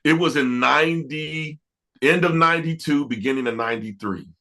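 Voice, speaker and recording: Bright-voiced man telling stories. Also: on the high side, moderate pace. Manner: animated, laughing storyteller with many restarts. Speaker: R&B producer, interview guest. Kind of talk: storytelling in a casual interview.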